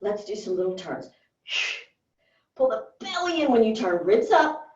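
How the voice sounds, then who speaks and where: A woman fitness instructor calls out brief, encouraging cues in a high, lively voice. She paces the counts slowly, and she sounds set back from the mic in a roomy exercise studio with a dull recording. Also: far from the mic. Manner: encouraging, gives short counted movement cues. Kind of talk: guided workout cueing.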